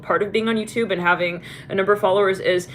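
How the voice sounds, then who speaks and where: A woman giving a casual tarot reading to camera, chatty and laughing, putting on high voices when she quotes people. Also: fairly even intonation, fast talker, fairly bright tone, a little hiss or hum. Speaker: tarot reader.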